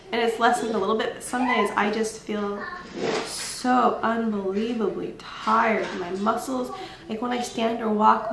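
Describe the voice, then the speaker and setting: A woman's voice: fairly high pitch, roomy sound, background noise. A tired young woman vlogging casually at home, chatty and candid, with frequent ums and laughs. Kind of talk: casual pregnancy vlog. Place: home room.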